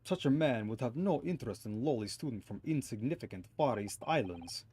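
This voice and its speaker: A man voicing a gruff, burly male ship's sailor, reading game dialogue aloud in a put-on Russian accent and blunt, broken, self-important English. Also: mid-range voice, big pitch swings, moderate pace, a little mellow, a little hiss or hum, natural voice. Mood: curt.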